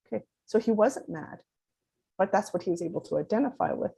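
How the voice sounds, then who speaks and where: Woman in her 50s giving a talk, lively, keeps acting out little bits of dialogue. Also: medium pitch, brisk, vocal fry, husky. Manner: animated, acts out quoted dialogue. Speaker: parent advocate presenter. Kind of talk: conference talk.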